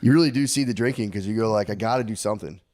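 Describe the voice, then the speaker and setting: A man's voice: lowish voice, very fast, a little mellow, no echo. A man in his thirties co-hosting a podcast, telling rambling stories in casual chat and swearing a lot. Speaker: podcast co-host.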